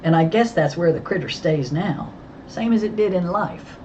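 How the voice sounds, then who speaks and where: Storybook role: a folksy old ranch cook woman, superstitious and gloomy, read by a woman in a low voice. Dull, lightly hissy recording. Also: expressive, normal speed, a little mellow. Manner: folksy and plain-spoken.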